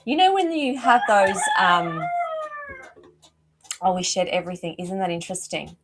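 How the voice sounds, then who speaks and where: A middle-aged woman hosts a live psychic reading as an animal communicator. Her voice sits at an average pitch, and she talks in a warm, effusive stream that keeps stopping and restarting mid-sentence. A rooster crows outside her window. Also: sing-song, normal speed, heavy background noise. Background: rooster crowing outside.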